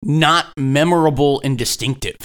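A man's voice: fairly high pitch, moderate pace, a bit bright. A man speaking as a guest in a casual panel discussion, thoughtful and critical, restarting his sentences as he thinks.

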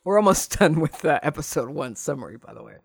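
A man hosting a solo podcast, casually recapping an old TV episode with rambling asides and animated retelling. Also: fairly high pitch, a little fast, creaky, no echo, clean studio sound. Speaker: podcast host.

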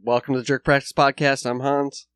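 A man's voice: medium pitch, flat delivery, a little fast, fairly bright tone, smooth, no room sound. A man co-hosting a podcast, chipping in with dry, wry remarks in casual chat. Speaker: podcast co-host.

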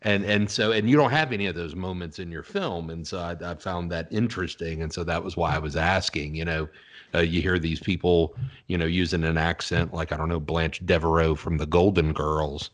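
A man's voice: low-pitched, fairly even intonation, brisk. A man in his fifties from the American South, hosting an interview in a chatty, opinionated way. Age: 50s. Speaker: podcast host. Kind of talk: casual interview chat.

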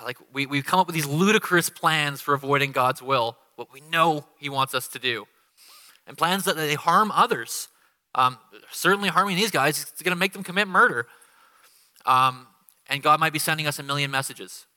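Here the guest preacher's voice sits a little high and moves at a moderate pace, echoing with long reverb through the church sanctuary. Animated and conversational, he brings his quotes to life by acting them out and laughing.

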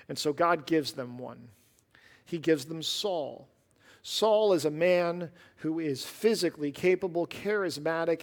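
Guy preaching a sermon, kinda high voice, long reverb like a big church hall. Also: vocal fry. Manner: reads scripture aloud with rising emphasis, then explains conversationally with sarcasm. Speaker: pastor.

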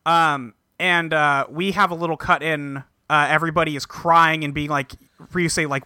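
A man with a vivid, bright, slightly high voice chats casually on a podcast, retelling a show scene by scene. He swears freely and drops into a flat delivery for the characters' lines. The sound is dry and close. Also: moderate pace, smooth, no echo. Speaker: podcast co-host recapping a show. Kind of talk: casual chat.

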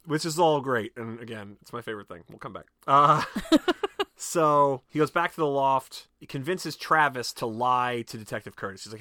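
A man's voice: mid-range voice, expressive, normal speed, bright, forceful tone, dry recording, clean studio sound. A man hosting a podcast, casually retelling a film's scenes and acting out the characters' lines, with frequent swearing. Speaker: podcast host. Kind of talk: casual film recap chat.

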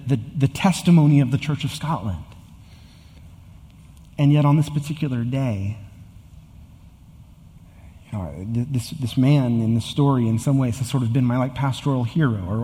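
A man's voice: medium pitch, dark tone, big-room sound. A man in his thirties preaching a sermon as a pastor, earnest and building to emphatic repetition. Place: church sanctuary with long reverb.

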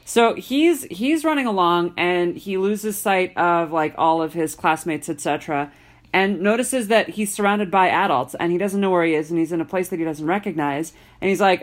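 A woman in casual podcast chat, telling a story with lively acted-out quotes. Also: medium pitch, moderate pace. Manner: animated storyteller, acts out quoted voices.

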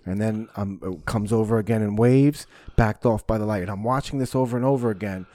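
A man's voice: fairly low pitch, fairly quick, dark tone, dry recording, clean studio sound. A man hosting a podcast, telling a personal story in frank, profane casual talk and acting out his own reactions. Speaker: podcast host.

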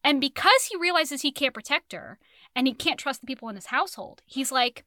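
Animated high-voiced woman chatting casually. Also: fairly quick, no echo, studio quality. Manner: swearing, animated, acting out characters in quotes. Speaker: podcast co-host. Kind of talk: casual book discussion.

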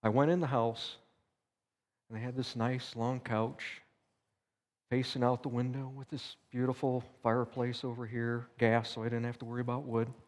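A man's voice: mid-range voice, level tone, moderate pace. An older man teaching at church, telling a personal story in a conversational way and acting out his own thoughts. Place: church hall. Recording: echoey hall reverb.

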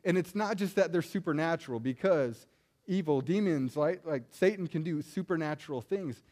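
Male preacher with a slightly high voice, casual storytelling delivery that keeps asking "right?". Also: expressive, normal speed, darkish tone. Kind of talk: conversational sermon.

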